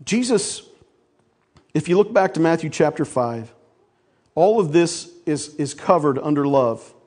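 A man's voice: a little high, animated, a little slow, darkish tone. A man preaching a sermon to his church, folksy, calling the congregation folks and asking for amens. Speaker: pastor.

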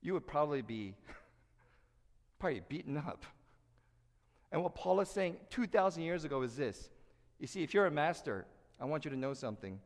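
A man preaching a sermon, animated and lively, acting out quoted voices as he teaches. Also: on the high side, moderate pace, pauses often. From United States. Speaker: pastor. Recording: echoey hall reverb.

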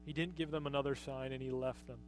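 A man's voice: medium pitch, steady tone, quick pace, slight background noise. A man preaching a conversational sermon as pastor, often asking his listeners rhetorical questions.

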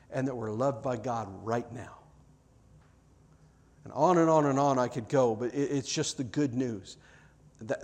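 A man preaching as pastor, earnest and repeating words, rising to loud peaks and dropping soft, then leading a closing prayer. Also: mid-range voice. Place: church hall with live audience.

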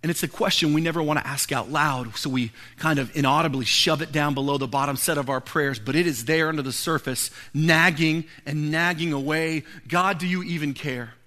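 A man preaching a sermon, earnestly building to pointed rhetorical questions and then falling to a hushed, quiet delivery. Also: on the high side, steady tone, brisk, few pauses. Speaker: pastor.

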